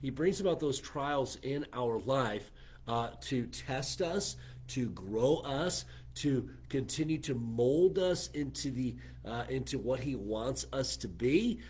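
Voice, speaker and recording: Casting: American male pastor, husky mid voice, earnest church sermon delivery. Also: medium pitch, animated, slow pace, a little mellow. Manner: earnest preaching with frequent "uh" and "okay". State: coughing fits.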